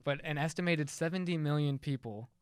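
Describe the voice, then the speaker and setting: A man's voice: on the high side, fairly quick, smooth, dry recording, studio quality. A young man co-hosting a podcast, talking in a loose, rambling way with lots of fillers. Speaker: podcast co-host. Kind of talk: casual chat.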